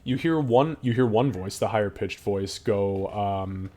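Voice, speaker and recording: Dude running a tabletop game, kinda low voice, loose and sweary. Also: male voice, a little slow, dark tone. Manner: casual, profane. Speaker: game master.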